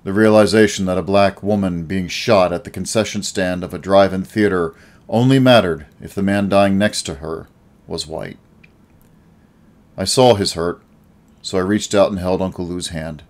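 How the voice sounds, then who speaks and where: Low-voiced male audiobook narrator. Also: normal speed. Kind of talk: first-person audiobook narration.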